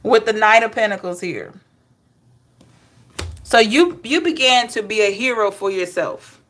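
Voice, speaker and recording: A woman's voice: fairly high pitch, unhurried. Chatty woman reading tarot. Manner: chatty, animated, laughs and asides to chat. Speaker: tarot reader. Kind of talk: casual tarot reading to viewers.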